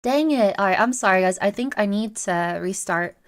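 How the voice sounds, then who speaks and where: A woman's voice: medium pitch, normal speed. A young woman streaming as a VTuber, chatting casually with her viewers in a playful, rambling way. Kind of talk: casual livestream chat with viewers. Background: faint background music.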